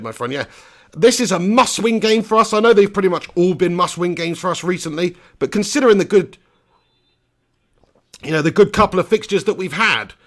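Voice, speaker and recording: A man hosting a live football watch-along, chatting with viewers and breaking into excited play-by-play. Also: high voice. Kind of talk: live commentary and chat reading.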